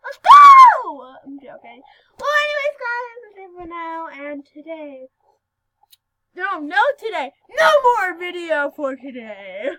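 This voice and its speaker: A very high, bright female voice chatting through a game in casual commentary. She talks slowly but swoops widely in pitch, giggling and bursting into loud yelps. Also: slight background noise, poor audio. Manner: giggly and excitable, with sudden loud outbursts. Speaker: gaming video host.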